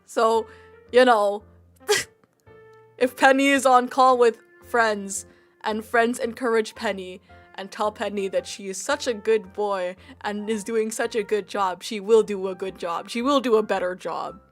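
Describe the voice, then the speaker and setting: A woman's voice: medium pitch, steady tone, measured pace, faint music behind. A young woman streaming, chatting casually in a playful, rambling, self-mocking way. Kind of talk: casual live-stream chat.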